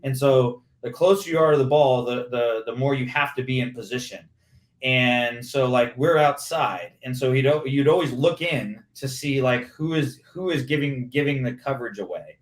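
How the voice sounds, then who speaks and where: Animated man explaining in a roomy room. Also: medium pitch, moderate pace, far from the mic. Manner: animated, explains with hands-on play-by-play detail. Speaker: former pro football receiver, podcast guest. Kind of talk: conversational interview. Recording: roomy, echoey room sound.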